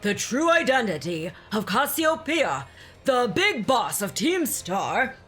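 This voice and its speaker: A woman's voice: on the high side, very animated, takes it slowly, fairly bright tone, slightly rough, soft background music, heavily acted. A woman voicing a theatrical male academy director who turns out to be the villain, reading game dialogue aloud in a hammy, grandiose way.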